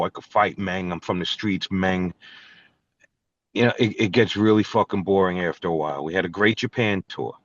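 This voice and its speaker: A man's voice: on the low side, muffled recording. A man, a guitarist guest, telling stories in a blunt, profane, ranting way in a casual interview.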